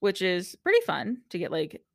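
A woman's voice: fairly low pitch, moderate pace, gravelly, no echo, studio quality. Laughing young woman recapping a show. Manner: animated storyteller, acts out quotes, laughs often. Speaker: podcast co-host. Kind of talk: casual chat recapping a TV show.

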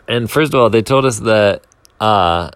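A young man with a fairly low voice tells a story in a loose, rambling way and pokes fun at himself. The sound is dry and close, with little room echo. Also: expressive, measured pace. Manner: rambling, self-mocking, with filler words and restarts. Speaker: speaker telling a timed anecdote. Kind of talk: casual storytelling.

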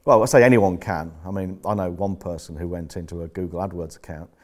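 An older man with a lowish voice tells loose, rambling stories in a podcast chat. He jokes around, swears freely and keeps drifting off the point before he gets back to business. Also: fairly even intonation, brisk, a little mellow. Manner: rambling, profane, jokey storyteller. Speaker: podcast host. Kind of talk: casual chat.

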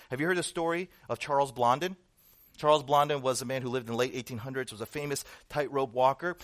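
A man's voice: mid-range voice, a bit bright. A male pastor preaching a sermon, emphatic and full of rhetorical questions and repetition.

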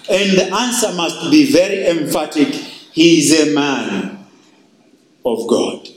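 Slow, high-voiced preacher. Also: male voice, echoey room, poor audio. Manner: emphatic, repetitive preaching with scripture reading. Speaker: pastor. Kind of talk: sermon.

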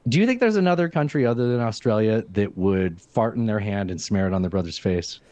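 A man's voice: on the low side, lively intonation, a little fast, a little mellow. A man co-hosting a podcast with a voice that bounces up and down as he jokes. His short questions and wisecracks sound close and dry, with no room echo. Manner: joking interjections and questions. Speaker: podcast co-host. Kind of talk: casual podcast chat.

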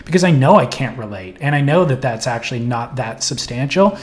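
A man's voice: medium pitch, lively intonation, a little fast. A man hosting a podcast, asking questions in a candid, conversational way. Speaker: podcast host. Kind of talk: casual interview.

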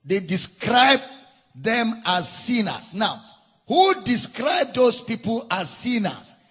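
A man with a Nigerian accent preaching a sermon, teaching with deliberate emphasis and spelling out words. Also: very high voice, big pitch swings, fairly bright tone, slightly rough. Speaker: pastor.

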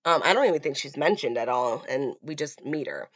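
A woman's voice: extremely low pitch, lively intonation, a little fast, husky, no room sound. A woman hosting a podcast, chatting casually about a film with lots of fillers, in a dull lo-fi recording. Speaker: podcast host.

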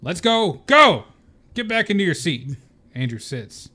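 A man's voice: mid-range voice, brisk, natural voice. A man reading the part of a blustering middle-aged male school principal in an amateur table read, barking his lines. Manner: barking, raised voice.

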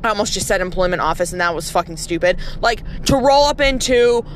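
A woman's voice: mid-range voice, brisk, a little hiss or hum. A woman who works as a nurse, ranting in a casual, blunt and profane way, with heavy sarcasm. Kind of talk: casual rant to camera.

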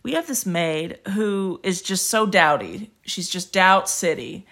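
A woman co-hosting a podcast in casual chat, laid-back and slangy, with lots of soft agreeing interjections. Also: on the low side, lively intonation, a little slow. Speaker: podcast co-host.

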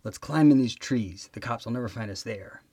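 A man's voice: mid-range voice, brisk, warm tone, breathy edge, no echo. A man doing a bossy bank robber boss. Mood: commanding. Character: scheming male bank robber leader.

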